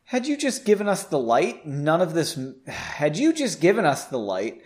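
A man voicing a spiteful, gloating male mage who plays the villain, with a lively, rather high voice. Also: normal speed.

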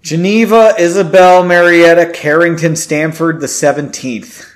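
A man's voice: on the high side, fairly even intonation, measured pace, natural voice. A man doing a snappy, annoyed young woman. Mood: curt. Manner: snappy, scolding. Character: sharp-tongued young woman, easily annoyed.

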